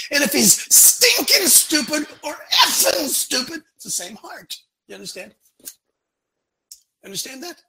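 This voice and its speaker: A man's voice: extremely high pitch, sharp tone, husky, rough recording. A man hosting a talk show, preaching in a blunt, emphatic way and repeating lines for punch. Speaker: show host.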